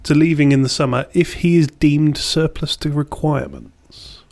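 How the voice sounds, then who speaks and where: A man's voice: a little high, fairly even intonation, moderate pace, creaky, darkish tone. A young man co-hosting a podcast, giving blunt, dry opinions in casual chat. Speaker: podcast co-host.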